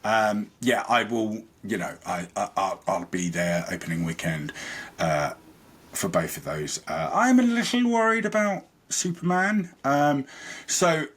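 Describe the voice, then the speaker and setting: A man's voice: lowish voice, sing-song, a little slow, fairly bright tone, slightly rough. A man, a podcast guest, chatting casually and rambling about things he is a fan of. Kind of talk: casual chat.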